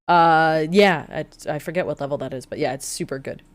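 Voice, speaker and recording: A woman's voice: deep voice, a little fast. A young adult woman chatting enthusiastically as a player in a casual tabletop game session, rambling with fillers.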